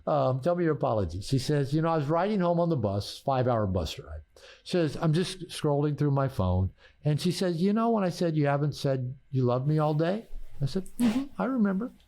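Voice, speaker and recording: A man's voice: on the high side, very animated, brisk, darkish tone. An older man, a therapist and author, telling personal stories in a podcast conversation, repeating words as he restarts and laughing at his own punchlines.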